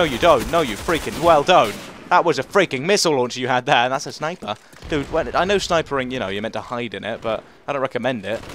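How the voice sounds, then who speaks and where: A young man commentating his own gameplay, excitable and self-mocking, repeating phrases and yelping when he gets killed. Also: mid-range voice, a little hiss or hum. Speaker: gaming commentator.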